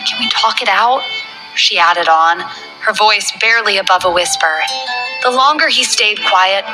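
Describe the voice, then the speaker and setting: A woman reads a romance novel aloud in a soft, dramatic storyteller's voice pitched a little high. Music plays steadily underneath the reading. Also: low-quality recording. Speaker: audiobook narrator. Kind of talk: scripted narration of a romance novel. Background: background music.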